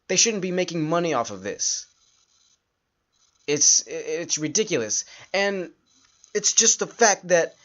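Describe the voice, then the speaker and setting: A man hosts a solo podcast and vents his frustration, stopping and restarting his sentences and sighing between thoughts. His voice sits at a middle pitch. The recording sounds a little dull and lo-fi. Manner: frustrated, halting, with sighs and restarts. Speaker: podcast host.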